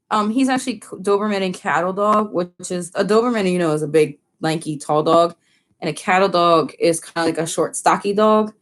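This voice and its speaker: A woman's voice: moderate pace, a little hiss or hum. A woman chatting casually on a home live stream, rambling with lots of fillers. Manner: slips into high baby talk with her dog. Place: family home.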